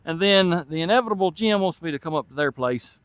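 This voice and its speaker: This channel host, a mechanic from Tennessee with a Southern US accent, works on an old truck in the garage, chatting to the camera and thinking aloud. His slightly high voice is expressive and clean, a little fast, in a dry recording.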